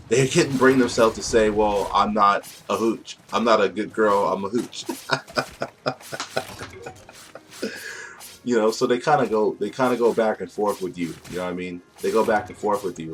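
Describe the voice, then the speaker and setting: A young man chatting casually and profanely over gameplay, rambling in streetwise slang. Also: lowish voice. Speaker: gameplay commentator.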